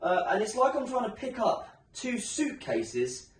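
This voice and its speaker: With a high, sing-song voice, a fitness instructor leads a home workout class, upbeat, chatty and slightly out of breath. He speaks a little slowly. He's miked from a distance in an echoey room, with slight background noise.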